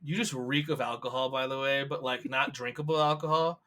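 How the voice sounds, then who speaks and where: A man's voice: medium pitch, steady tone, a little fast, pushed and bright. A man running a tabletop role-playing game as game master, teasing the players in loose casual banter with lots of fillers.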